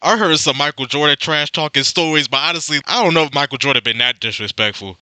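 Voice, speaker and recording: A young man hosting a reaction video, talking in an excitable, slangy way and laughing often. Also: on the high side, fast, smooth, no room sound. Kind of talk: casual reaction commentary.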